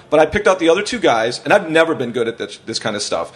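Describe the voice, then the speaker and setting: A man with a voice a little higher than most tells a story in loose podcast chat. He is a stand-up comic who rambles, swears freely and laughs through his own telling. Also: big pitch swings, rapid-fire. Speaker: stand-up comedian. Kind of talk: casual anecdote on a podcast.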